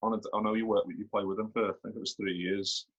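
Fast-talking husky man asking questions. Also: on the low side, little pitch movement, poor audio. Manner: quick, eager questioning with restarts. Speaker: podcast host. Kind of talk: casual podcast interview.

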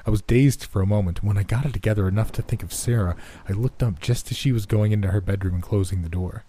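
A man narrating a first-person horror story in a steady, measured, subdued way. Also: fairly low pitch, a little hiss or hum.

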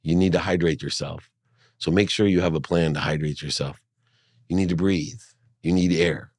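A middle-aged man, a guest in an interview, telling a personal story in an earnest, animated way. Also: low voice, normal speed, no echo, studio quality. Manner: earnest, animated, acts out his mother's voice in dialogue. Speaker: guest, entrepreneur and speaker. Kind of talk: emotional storytelling in a podcast interview.

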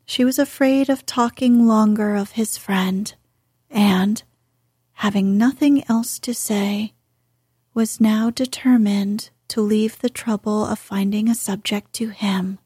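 A woman narrating a classic novel in a calm, even audiobook reading. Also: mid-range voice, slow pace, husky, no room sound, clean studio sound.

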